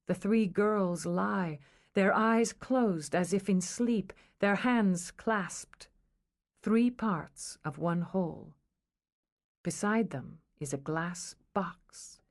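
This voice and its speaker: A woman narrating an audiobook in a measured, storytelling manner. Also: medium pitch, darkish tone.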